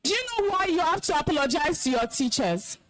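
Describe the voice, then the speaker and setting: A woman's voice: sits high, lively intonation, a little fast, background noise. A woman with a Nigerian accent, an alumna and compere, giving a stern, emphatic address to a school's students. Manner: scolding, commanding, emphatic. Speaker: alumna guest speaker, compere. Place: school hall, live event.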